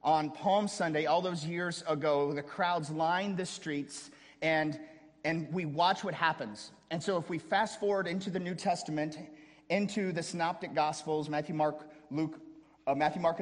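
A man preaching with dramatic swings, hushed one moment and shouting the next, with easy joking asides along the way. His voice sits a bit high. The sound rings with the long reverb of a large hall. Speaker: pastor. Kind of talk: sermon.

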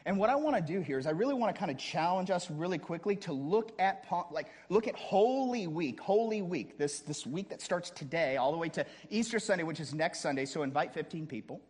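A man preaching with dramatic swings, hushed one moment and shouting the next, with easy joking asides along the way. His voice sits a bit high. The sound rings with the long reverb of a large hall. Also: animated, fairly quick, few pauses, slightly rough. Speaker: pastor. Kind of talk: sermon.

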